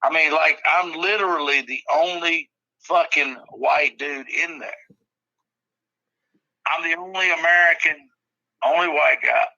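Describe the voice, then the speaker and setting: A man's voice: on the high side, measured pace, creaky, long pauses, sharp tone, dry recording, highs cut off. A man in a casual podcast chat, telling rambling stories full of swearing. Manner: profane, rambling storyteller. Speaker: podcast guest or co-host.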